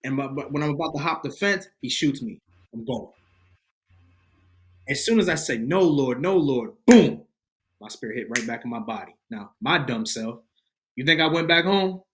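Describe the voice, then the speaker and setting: A man's voice: medium pitch, normal speed. Slangy man telling a testimony. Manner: slangy, animated, addresses listeners as bro and fam. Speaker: podcast guest. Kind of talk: casual testimony storytelling.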